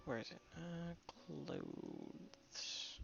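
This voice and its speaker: A man's voice: on the high side, wildly swooping pitch, drawn-out words, gravelly, fairly bright tone, dull audio, slight background noise. A young man chatting loosely while streaming a game, rambling with many restarts. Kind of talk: casual gameplay commentary.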